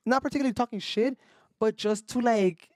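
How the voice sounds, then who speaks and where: A man's voice: very high voice, a little fast, no room sound, studio quality. A young man telling a story on a podcast, casual and profane, switching between Spanish and English slang. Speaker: podcast co-host.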